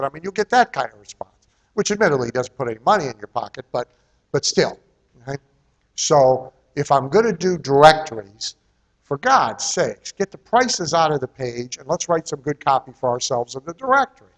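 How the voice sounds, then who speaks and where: Guy teaching a marketing seminar, kinda high voice, blunt, swears a bit, keeps asking okay? right?. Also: very animated, normal speed. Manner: salty and irreverent. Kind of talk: live seminar talk.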